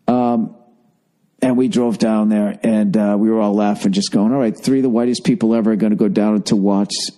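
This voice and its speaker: Tired, rambling man with a mellow voice. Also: fairly low pitch, brisk. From United States. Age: 40s. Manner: rambling, profane storytelling with lively acted-out quotes. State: lethargic, tired. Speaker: podcast host. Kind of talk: solo comedic monologue.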